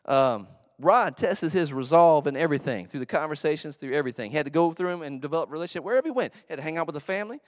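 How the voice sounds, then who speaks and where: A man preaching a sermon in a church, telling a story in a conversational, animated way with asides to the congregation. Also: fairly high pitch, very fast, few pauses, no echo, clean studio sound. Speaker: pastor.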